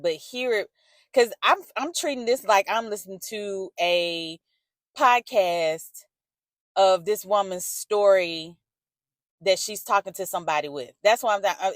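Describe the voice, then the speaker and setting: A woman's voice: mid-range voice, dry recording. Woman, vlogger, candid and outspoken, swears, recorded in a car, dry sound. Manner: emotional, talks back to the story, outspoken, swears. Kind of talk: candid personal vlog.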